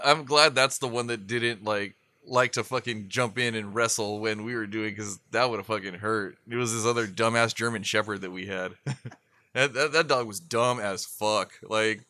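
A man's voice: on the low side, pushed and bright, dry recording. A man chatting casually, a laid-back storyteller who swears constantly and laughs often. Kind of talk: casual chat.

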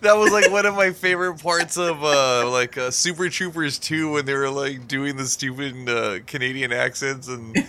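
A man co-hosting, telling jokes in halting comedic banter. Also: mid-range voice, steady tone, pushed and bright. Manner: giggly, halting storyteller. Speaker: podcast co-host.

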